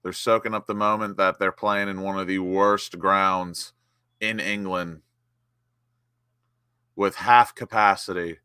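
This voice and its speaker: A young man from the United States hosting a live football watchalong, chatting casually and bursting into excited shouts when his team attacks. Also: low voice, measured pace, long pauses, smooth. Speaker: watchalong host. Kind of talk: live match watchalong commentary.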